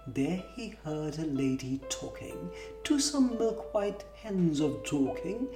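Brief: woman reader, slow and lilting, lower voice with a lively melody, far roomy mic. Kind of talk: poetry reading. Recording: roomy distant mic with guitar music.

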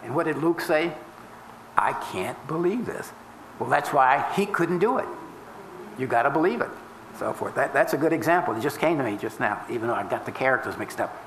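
A man preaching a sermon as minister, teaching step by step and leaning hard on key phrases with slow, drawn-out emphasis. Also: a little high, vocal fry, a bit bright, echoey room, slight background noise, rough recording. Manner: teaching, explains step by step with formulas and scripture. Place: church before a congregation.

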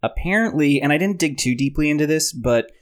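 A man hosting a casual movie podcast, sharing trivia in a relaxed, joking way. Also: fairly high pitch, fairly quick. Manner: relaxed, shares trivia, jokes around. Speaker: podcast host.

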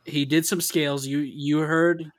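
A man hosting a casual podcast, talking in a deadpan, sarcastic way. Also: a little high, measured pace. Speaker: podcast host. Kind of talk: casual chat.

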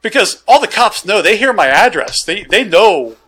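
A man's voice: sits high, normal speed. A man, a gun dealer, telling a story in casual chat and acting out the dialogue. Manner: animated, loose storyteller who acts out the dialogue.

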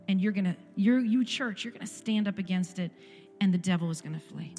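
In a sermon testimony at church, a woman in her forties speaks with passion, repeatedly posing rhetorical questions. She talks fairly quickly in a mid-range voice, trailed by long reverb and faint background music.

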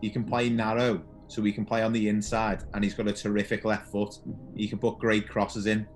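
A man's voice: lowish voice, completely flat delivery, fairly quick. A man hosting a podcast, asking quiz questions in a casual, chatty way and laughing often. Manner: chatty, laughs often, calls guest "mate". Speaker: podcast host.

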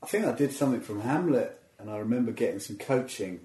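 A man's voice: medium pitch, animated, fast, dark tone. A man, chatting as a comedian guest in a loose, self-deprecating way, often restarting his sentences. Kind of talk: casual interview chat. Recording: roomy echo.

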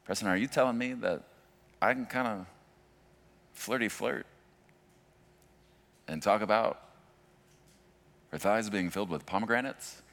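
A man in his forties, a pastor preaching a sermon in a conversational way that swings from hushed to loud. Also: fairly low pitch, normal speed, long pauses.

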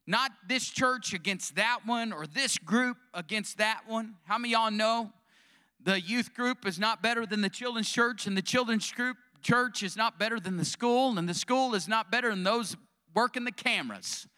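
A man's voice: high voice, moderate pace, sharp tone. A male pastor preaching a sermon, calling out questions to the congregation.

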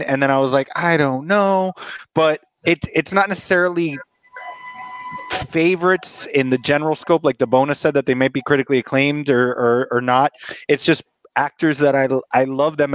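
A man's voice: a little high, smooth, no echo, lo-fi sound. A man co-hosting a casual podcast, teasing and joking with the others. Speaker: podcast co-host.

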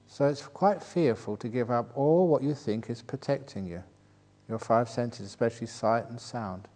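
Older male monk teaching a retreat, mid-pitched, storytelling talk, chuckles at his own asides. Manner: rises into animated rhetorical questions.

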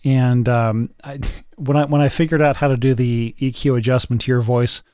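A man's voice: mid-range voice, steady tone, moderate pace, a little mellow, clear, resonant tone, no room sound. A man co-hosting a podcast in casual chat, rambling with frequent restarts. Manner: rambling, many restarts, dry quips. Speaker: podcast co-host and audio editor.

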